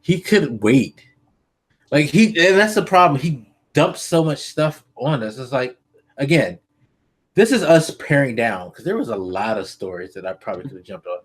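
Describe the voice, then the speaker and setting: A man co-hosting a casual political podcast, earnest and hesitant, pausing on frequent ums as he works through his points. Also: mid-range voice, expressive, breathy edge. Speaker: podcast co-host.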